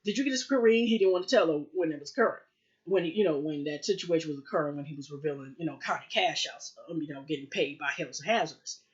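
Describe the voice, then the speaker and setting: She's a fast talker, a host recapping a TV episode in loose, rambling spoken form, full of "you know" and "like." Her voice gets higher and louder as she imitates characters, and the audio is dull and lo-fi.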